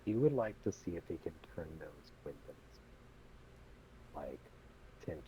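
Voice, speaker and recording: A man playing in a tabletop game, relaxed and hesitant, thinking aloud about his moves. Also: sits low, measured pace, slight background noise, rough recording. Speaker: player. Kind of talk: casual tabletop play.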